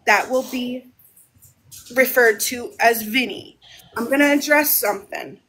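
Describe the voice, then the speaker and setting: A woman's voice: on the high side, a little slow, fairly bright tone, a little hiss or hum. A woman talking on a casual livestream from home, rambling and restarting her phrases. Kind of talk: casual live monologue.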